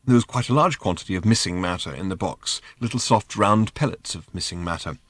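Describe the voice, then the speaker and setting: A man narrating an audiobook in measured, lively storytelling. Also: low-pitched, no room sound. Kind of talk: scripted narration.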